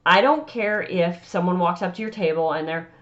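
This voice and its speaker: A woman's voice: lowish voice, moderate pace, dull audio. A woman author giving chatty, emphatic advice on selling at vendor markets and often acting out conversations. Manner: chatty and emphatic, acts out customer dialogue. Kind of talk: casual advice talk to camera.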